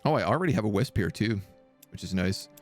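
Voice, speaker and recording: Lively-voiced man musing over a game. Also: on the low side, fast talker. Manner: musing, thinking aloud. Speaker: live streamer. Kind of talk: gameplay commentary. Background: game music.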